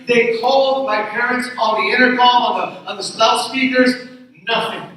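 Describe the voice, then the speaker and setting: A pastor from Tucson preaching a sermon, telling a personal story in an earnest way and repeating phrases for emphasis. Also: male voice, extremely high pitch, steady tone, moderate pace, fairly bright tone. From Tucson, Arizona. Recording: echoey hall, mic from far off.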